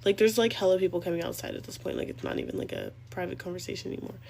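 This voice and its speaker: A woman's voice: lowish voice, wildly swooping pitch, very fast, creaky, darkish tone, a little hiss or hum. A young woman telling a rambling, profane story in a casual vlog.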